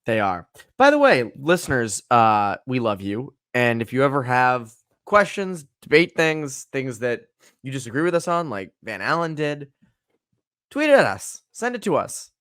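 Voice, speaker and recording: A man's voice: mid-range voice, expressive, a little slow, a bit bright, clear, resonant tone, no echo, studio quality. A young man co-hosting a casual sports podcast, chatty and jokey, with loose fillers. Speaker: podcast co-host.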